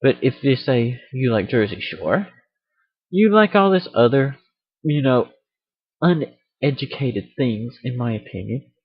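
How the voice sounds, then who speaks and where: Recorded on a dry, dull computer mic, a man rambles through a casual rant video, self-aware and jokey. His mid-range voice has a breathy edge and stays animated at a measured pace.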